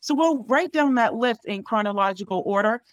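A woman's voice: a little high, lively intonation, brisk, dry recording, studio quality. A woman dog trainer giving casual advice in a conversation, explaining in a chatty way full of fillers like um and you know.

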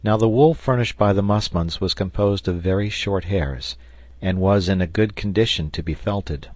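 A man from South Carolina narrating a classic adventure novel in a measured, even reading. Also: deep voice, dry recording. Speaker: audiobook narrator. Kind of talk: volunteer audiobook narration.

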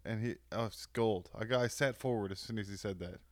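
A man's voice: lowish voice, fairly quick, no room sound, clean studio sound. A man co-hosting a podcast in casual chat, joking, riffing on the conversation and slipping into silly voices. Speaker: podcast co-host.

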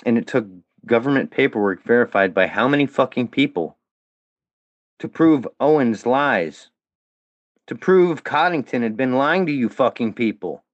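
A man in a full-blown angry rant, swearing constantly and hurling challenges at the people he blames, his pitch swinging widely from lows to sharp highs. The sound is dry and dull, like a muffled lo-fi recording. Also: expressive, moderate pace, dry recording. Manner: heated, profane, confrontational. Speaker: guest, former fan of a comedian. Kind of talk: angry monologue addressed at critics.

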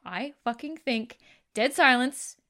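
A woman's voice: sits high, expressive, takes it slowly, bright, forceful tone. A woman co-hosting a casual podcast, giving enthusiastic, opinionated takes on movies and swearing casually. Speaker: podcast co-host. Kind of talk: casual movie review chat.

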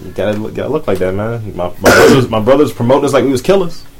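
A man co-hosting a podcast, chatting casually in a profane, animated way and laughing often. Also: medium pitch, rapid-fire. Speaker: podcast co-host. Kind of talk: casual chat.

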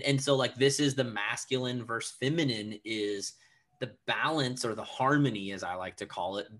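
A podcast guest in his thirties chats casually in a mid-range voice. He's animated, sprinkles in plenty of filler words, and acts out little quotes.

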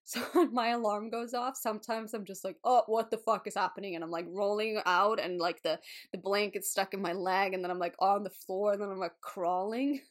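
A woman hosting a wellness podcast in a casual, bubbly way, laughing often and swearing now and then. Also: medium pitch. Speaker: podcast host.

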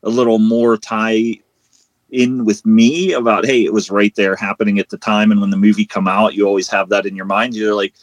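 A man's voice: on the low side, level tone, moderate pace, no echo. A man from Western Pennsylvania hosting a podcast, talking casually with lots of fillers. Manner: rambling, filler-heavy. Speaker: host. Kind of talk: casual chat.

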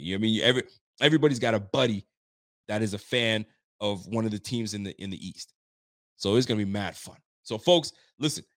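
A man hosting a live sports talk show, excitable and loud, often repeating himself as he talks. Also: on the low side, dry recording, clean studio sound. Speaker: sports podcast host. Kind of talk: casual live show chat.

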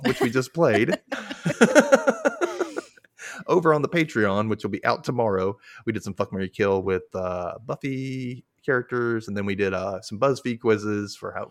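A man hosting a casual podcast, chatty and laughing easily as he talks. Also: on the low side. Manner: chatty, animated, laughs often. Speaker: podcast host.

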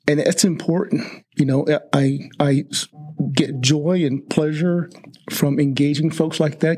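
Husky, outgoing man in a chat. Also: medium pitch. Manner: outgoing, talkative, reflective. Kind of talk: casual faith podcast chat.

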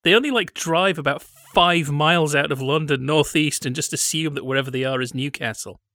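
A man's voice: fairly high pitch, fairly quick, sharp tone, no echo, studio quality. A man chatting casually as a podcast co-host, telling wry, digressive stories. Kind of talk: casual chat about old British TV.

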